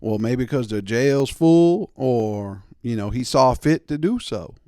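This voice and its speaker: Man doing a sassy jail clerk lady, curt bored drawl, higher and louder than his own voice, dry sound. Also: lively intonation, takes it slowly, no echo. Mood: curt, dismissive. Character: brusque sassy woman jail clerk, middle-aged.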